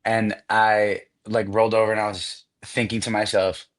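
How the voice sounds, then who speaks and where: A man with a low voice chats casually as an interview guest. He tells his stories animatedly and acts out the quotes in them. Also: level tone, normal speed. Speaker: interview guest, soap actor.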